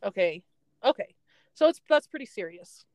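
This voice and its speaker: A woman's voice: medium pitch, sing-song, normal speed, darkish tone, dry recording, rough recording. A young woman hosting a podcast, telling a story in a casual, rambling way and laughing often. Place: in a parked car.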